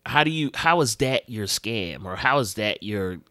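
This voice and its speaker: A man's voice: on the low side, animated, moderate pace, sharp tone, no echo, clean studio sound. A man co-hosting a podcast, rambling through stories in loose, profane street slang. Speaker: podcast co-host. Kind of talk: casual podcast chat.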